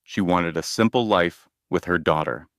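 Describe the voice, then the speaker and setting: A man voicing a calm estate attorney who explains things in a measured, formal and gentle way. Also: low voice, no echo, studio quality.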